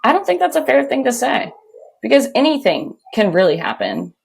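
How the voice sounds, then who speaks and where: A woman's voice: fairly high pitch, huge pitch swings, brisk, gravelly, slightly rough, voice pushed up, heavily acted. A woman quoting a young female tennis champion with breezy confidence, in her own voice. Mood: confident.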